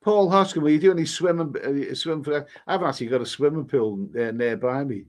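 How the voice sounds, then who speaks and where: A man chats loosely on a live stream, answering viewer comments as they come in. He rambles, restarts his sentences and repeats himself, keeping it casual and unhurried. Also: fairly high pitch. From England. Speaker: livestream host reading viewer comments.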